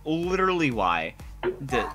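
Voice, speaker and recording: Young male co-host, jokey, bright forceful tone, faint music under. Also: mid-range voice, very animated. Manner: joking, quick to laugh. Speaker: podcast co-host. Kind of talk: casual chat.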